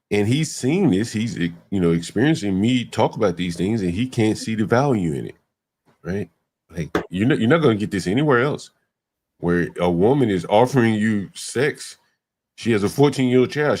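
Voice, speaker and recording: A man's voice: on the low side, lively intonation, normal speed, a little mellow. A man hosting a casual livestream chat, talking emphatically and repeating words to stress his point. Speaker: livestream host.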